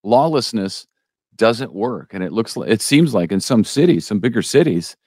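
Male news podcast co-host, very deep, stop-start delivery, dry booth sound. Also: expressive, a little mellow, no room sound. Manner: halting, restarts often, opinionated asides. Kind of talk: casual news chat.

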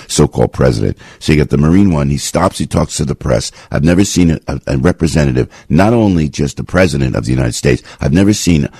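A man's voice: extremely low pitch, creaky, warm tone, husky, dry recording. A man hosting a talk radio show, speaking in a fired-up, indignant and rambling way from a radio studio.

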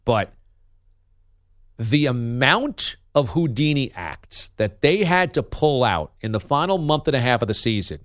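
A man's voice: medium pitch, sing-song, a little slow, a bit bright, dry recording, clean studio sound. A man giving opinionated sports commentary as a radio host, emphatic and argumentative, hammering points with punchy repetition.

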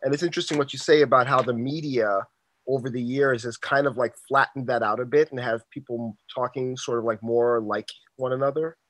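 A man's voice: medium pitch, fairly even intonation, brisk, a bit bright, no echo, rough recording. New York man, casual interviewer, meandering questions, dry close recording. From Queens, New York. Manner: loose, conversational, leans on fillers like "sort of" and "like".

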